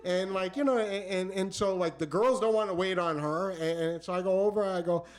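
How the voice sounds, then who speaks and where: A man telling a funny personal story live on a small theater stage, rambling and animated, repeating words and restarting his sentences. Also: sits high, fairly quick. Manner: animated, exclamatory delivery.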